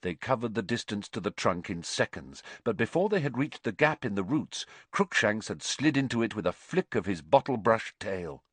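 Low-voiced man narrating a story dramatically. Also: sing-song, moderate pace, hardly any pauses, slightly rough, no room sound. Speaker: audiobook narrator. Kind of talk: scripted narration.

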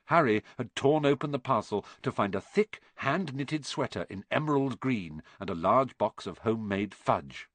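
Man reading a kids story out loud, lively ups and downs in his voice, dry close sound. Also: medium pitch, moderate pace, few pauses, no room sound. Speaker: audiobook narrator. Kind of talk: storybook narration.

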